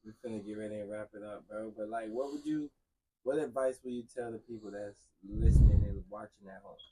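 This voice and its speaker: A man's voice: fairly low pitch, a little fast, dark tone, a little hiss or hum, poor audio. A man hosting a casual interview, asking slangy, easygoing questions.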